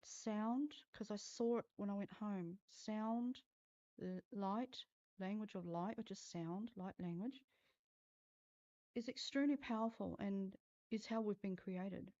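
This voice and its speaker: Woman, intuitive reader on a livestream; frank, foul-mouthed, warm low tone, muffled sound. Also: slow. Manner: blunt, swears freely, talks straight to viewers. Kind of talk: live-streamed psychic reading.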